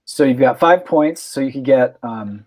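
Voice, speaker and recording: A man's voice: mid-range voice, normal speed, darkish tone. A man narrating as game master of a tabletop role-playing game, explaining rules with fillers and restarts.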